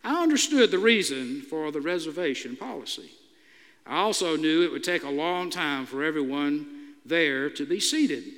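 Bright-voiced man preaching with dry humor. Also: a little high, in a large hall. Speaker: pastor. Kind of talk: sermon.

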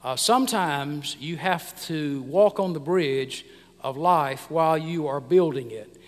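A middle-aged American pastor preaches in a somewhat high voice, pausing often on fillers and restarting his phrases. His words ring out with the long reverb of a large hall. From United States. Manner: halting, many "uh" fillers and restarts. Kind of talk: sermon.

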